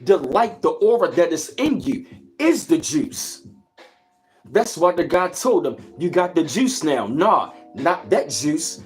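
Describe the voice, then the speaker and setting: Very animated yet slow-paced, this man's slightly high voice leads a livestream with faint music in the background. He greets his chat and delivers a casual, preachy motivational talk, going over his points repeatedly.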